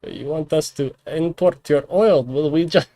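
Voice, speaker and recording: A man's voice: on the high side, normal speed, warm tone, no room sound, low-quality recording. A man live-streaming a political role-play game, speaking as a head of state who keeps calling the other player "my friend", then muttering to himself as he plays. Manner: shifts into a mock diplomat voice, repeats "my friend". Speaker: streamer playing Pakistan's leader.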